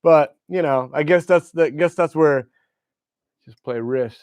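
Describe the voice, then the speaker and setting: A man's voice: a little high, measured pace, a little mellow, smooth, no room sound. A young man hosting a livestream, telling rambling, profane stories about guitars in casual chat. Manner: loose, profane, rambling storytelling. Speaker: livestream host.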